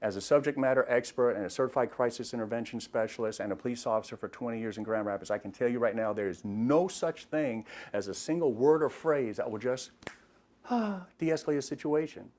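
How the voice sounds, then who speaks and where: Retired cop explaining, plain and steady. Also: male voice, medium pitch, brisk. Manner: plain, explanatory, repeats words while thinking. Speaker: retired police officer, de-escalation trainer. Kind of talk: explaining in an interview.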